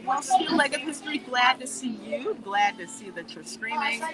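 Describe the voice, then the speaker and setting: A woman hosting a casual livestream while walking through a theme park, reading viewer comments and chatting in an animated way. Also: on the high side, moderate pace. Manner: chatty and animated, warm greetings, laughs often. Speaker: livestream host. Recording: noisy outdoor livestream audio. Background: park ambience and music.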